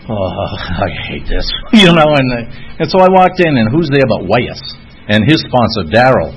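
A man's voice: medium pitch, lively intonation, normal speed. A man with a Boston accent sharing a personal recovery story in a rambling way, with many fillers and frequent chuckles. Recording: dull lo-fi recording with faint noise.

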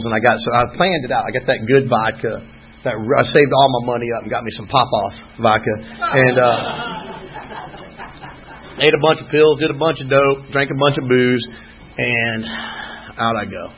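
A man's voice: mid-range voice, a little hiss or hum. A man telling his own recovery story at a meeting, rambling and candid with wry humor. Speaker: speaker sharing at a recovery meeting. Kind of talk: personal recovery testimony. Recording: muffled lo-fi recording.

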